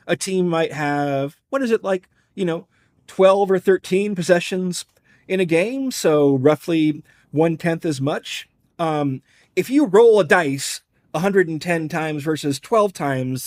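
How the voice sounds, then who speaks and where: Guy with a slightly high voice breaking down sports stats on a podcast, dry and wry, casual swearing. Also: a little mellow. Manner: wry, explanatory, numbers-heavy, drops casual profanity. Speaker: podcast co-host. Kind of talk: analytical conversational podcast talk.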